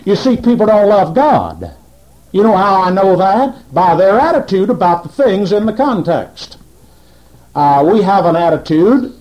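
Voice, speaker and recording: Lively high-pitched preacher man. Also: low-quality recording. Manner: conversational preaching with rhetorical questions and pauses. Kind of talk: sermon.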